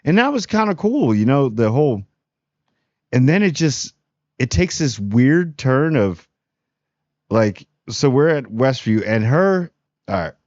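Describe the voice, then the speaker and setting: A man from New Jersey hosting a casual spoiler review of a TV show, talking bluntly with frequent restarts and animated jumps. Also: mid-range voice, a little slow, long pauses, no echo, highs cut off. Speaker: TV review host.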